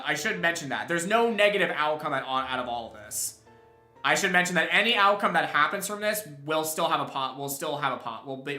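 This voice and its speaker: A man's voice: a little high, sharp tone. A young man streaming a game, chatting casually and rambling with many restarts and chuckles. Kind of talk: casual live-stream chat while gaming. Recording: roomy echo.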